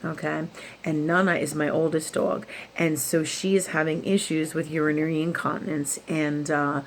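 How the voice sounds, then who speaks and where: A woman's voice: low voice, little pitch movement, normal speed, a little hiss or hum. A woman hosting a late-night spiritual vlog, talking casually and rambling with laughs and restarts. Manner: rambling, with laughs and self-talk quotes. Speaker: spiritual YouTube host.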